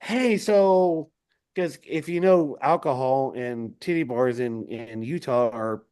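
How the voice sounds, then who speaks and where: A man on a video call telling a rowdy road story, animated and laughing often, swearing freely. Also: mid-range voice, a little slow, clean tone. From Denver area. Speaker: musician guest. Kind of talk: casual storytelling chat.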